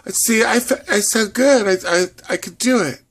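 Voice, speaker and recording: A man's voice: high voice, moderate pace, fairly bright tone, husky, exaggerated voice. A man voicing an eager female doll singer who warbles song snatches, in a toy doll drama.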